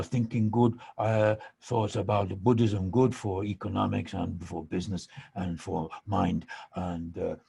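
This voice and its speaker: A man impersonating a sly, playful elderly monk, speaking halting broken English full of pauses. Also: lowish voice, creaky, warm tone, slightly rough, voice pushed down, heavily acted.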